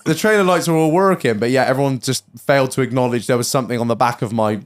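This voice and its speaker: A man telling a long, swearing-laden story on a podcast, jumping into high voices for the people he quotes. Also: fast, slight background noise. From England. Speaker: podcast co-host. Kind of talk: casual storytelling chat.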